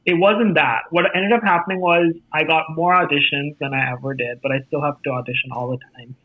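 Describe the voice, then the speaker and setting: A man with an American accent, an actor telling stories about his career in a casual interview, animated and acting out quoted voices. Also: fairly high pitch, brisk, no room sound. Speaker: actor and festival jury guest. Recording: tinny phone-like line.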